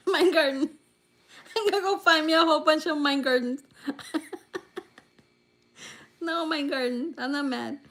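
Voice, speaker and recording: Woman, high voice, casual livestream chat, teasing, laughs a lot, phone mic on a table. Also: takes it slowly, long pauses, a bit bright. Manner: laughs often, teasing and playful. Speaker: livestream host. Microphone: phone lying on a table.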